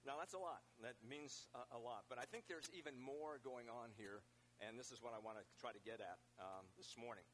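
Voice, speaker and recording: A man preaching a sermon in a relaxed, conversational way, often restarting his phrases. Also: mid-range voice, a little fast, a little hiss or hum, rough recording. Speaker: pastor.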